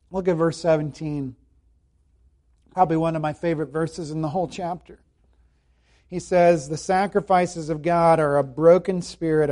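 High-voiced earnest male preacher. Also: mellow. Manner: earnest, emphatic preaching with repeated phrases. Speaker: pastor. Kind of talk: sermon.

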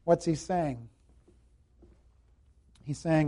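A man preaches with a fairly high voice, earnest and emphatic. He repeats key phrases for weight and sometimes sinks to a hushed tone when quoting scripture. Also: a little slow, pauses often, slight background noise. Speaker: pastor. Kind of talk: sermon.

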